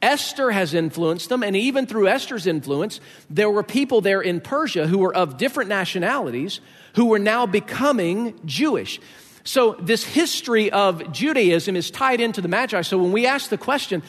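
A man's voice: high-pitched, lively intonation, moderate pace, a bit bright. A man preaching a sermon, explaining scripture in a conversational way with joking asides to the congregation. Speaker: pastor. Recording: echoey hall.

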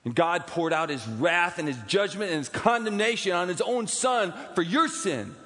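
A man preaching a sermon in a church, swinging from loud emphatic peaks to hushed, quiet asides. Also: high-pitched, animated, normal speed, long reverb tail. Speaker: pastor. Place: church sanctuary.

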